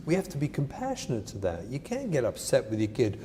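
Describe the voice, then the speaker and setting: A man's voice: medium pitch, wildly swooping pitch, a little fast, few pauses, dark tone. A man giving an earnest, emphatic inspirational talk on parenting, mixing in Hebrew terms. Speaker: parenting speaker. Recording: echoey hall, faint noise.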